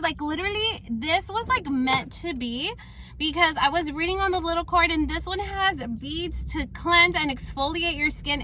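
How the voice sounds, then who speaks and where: Gushing high-voiced woman unboxing. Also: a little hiss or hum. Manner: gushing, excitable, many fillers. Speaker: beauty vlogger. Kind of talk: casual unboxing chat.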